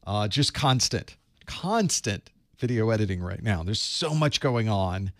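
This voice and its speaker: A man's voice: on the low side, very animated, a little slow, no echo, studio quality. A middle-aged man casually chatting on a livestream before a study session, greeting viewers by where they are and rambling about his work. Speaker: IT certification instructor hosting a live study group. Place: small dark room.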